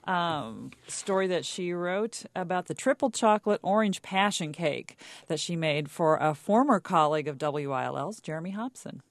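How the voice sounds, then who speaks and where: A woman's voice: on the low side, animated, normal speed, hardly any pauses, dry recording. A woman hosting a public radio pledge drive, earnestly asking listeners to give. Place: radio studio. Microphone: studio mic.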